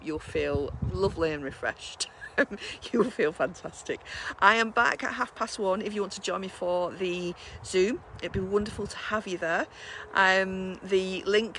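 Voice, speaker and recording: A woman's voice: mid-range voice, pushed and bright, slight background noise. A woman hosting a mindfulness session, chatting casually after a guided meditation and laughing often at herself.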